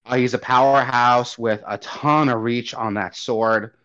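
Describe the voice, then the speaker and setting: A young man talking games in an animated, rambling way, with casual swearing along the way. His voice sits at an average pitch. The recording is dull and lo-fi. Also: unhurried. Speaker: podcast co-host. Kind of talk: casual gaming chat. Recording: dull lo-fi audio.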